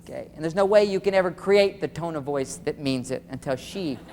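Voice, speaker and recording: A man giving a live relationship seminar, animated and talking straight to his audience, often acting out quoted dialogue. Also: a little high, a little fast, in a large hall, a little hiss or hum.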